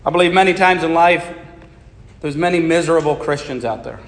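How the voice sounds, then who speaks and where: A man's voice: a little high, fairly quick. Man preaching in a reverberant church. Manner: steady preaching, reading scripture aloud and explaining it. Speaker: pastor. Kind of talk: sermon.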